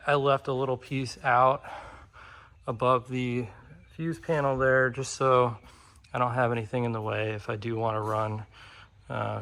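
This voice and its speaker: A man talks through his workshop project in a loose, unscripted way. His voice sits at an ordinary middle pitch, and he often pauses on ums and restarts his sentences. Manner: relaxed, rambling, with frequent ums and restarts. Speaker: DIY vlogger. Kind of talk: casual walkthrough narration. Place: pole barn workshop.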